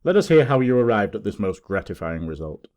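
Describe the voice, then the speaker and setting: A cool, ironic master detective, read by a male narrator in an audiobook, grave and dry, his pitch moving in a lively way. He stays composed. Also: fairly quick.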